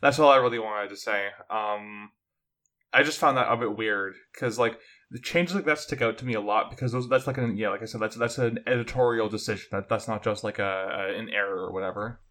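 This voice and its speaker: A man's voice: lowish voice, brisk, bright, forceful tone. A man co-hosting a podcast in casual chat, chatty and repeating words as he thinks aloud. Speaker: podcast co-host.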